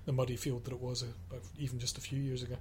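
A man's voice: mid-range voice, little pitch movement, fast, a little hiss or hum. A man chatting on a radio football panel in an easygoing, rambling way with many fillers. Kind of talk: casual radio chat.

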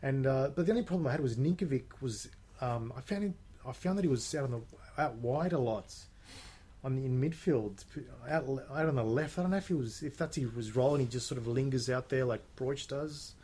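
A man's voice: mid-range voice, fairly quick, mellow, slightly rough. A man on a radio football panel, chatty and hesitant, full of ums. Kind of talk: casual radio chat.

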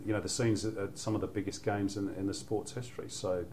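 A middle-aged man with a Mancunian English accent and a fairly low voice talks through stories in a relaxed, rambling way, looping back with "you know" and small restarts. There's a faint hum of background noise under him. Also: fast talker. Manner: chatty, anecdotal, frequent "you know" and restarts. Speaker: football commentator, guest. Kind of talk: relaxed podcast chat.

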